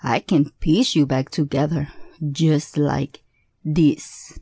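A woman voicing a cruel male tormentor in a hellish place who mocks his victim in a slow, relishing way. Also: deep voice, fairly even intonation, dark tone, husky, dry recording, clean studio sound, pitched below the performer's own voice, full character voice. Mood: mocking.

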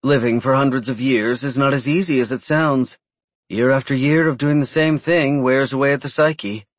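A man voicing a small, sharp-tongued female vampire with a brisk, sarcastic manner. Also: mid-range voice, no echo, natural voice. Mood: worried.

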